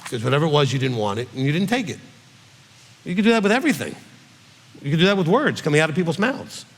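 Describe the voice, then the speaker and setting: A man's voice: fairly high pitch, sing-song, fast, in a large hall. Man teaching with frequent "okay?" asides. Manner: conversational, frequent "okay?" check-ins; acts out quoted voices. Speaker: rabbi teaching.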